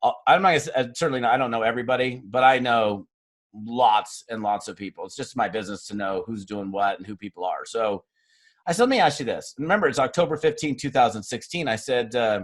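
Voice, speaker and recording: Animated middle-aged man coaching a sales team. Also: medium pitch, fast talker. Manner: animated storyteller acting out dialogue, jokey asides; self-mocking humor. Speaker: network marketing trainer. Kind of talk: motivational team training talk.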